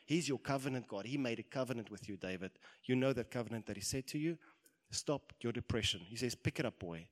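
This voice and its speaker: A man in his thirties preaching a sermon, animated, acting out quoted lines and swelling into loud exhortation. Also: medium pitch, quick pace.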